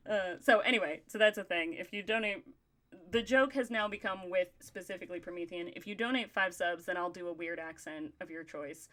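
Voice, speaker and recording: A woman's voice: fairly low pitch, fairly quick, pushed and bright. A woman hosting a podcast in casual chat, talking in loose, rambling runs and laughing often. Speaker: podcast host.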